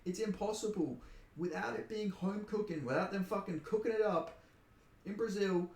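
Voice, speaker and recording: A man's voice: sits high, normal speed, a little mellow, roomy sound. An Australian man from Perth, ranting heatedly and with lots of swearing about a fight decision he thinks was a robbery. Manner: heated, profane, indignant ranting. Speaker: MMA commentator. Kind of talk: angry fight reaction rant.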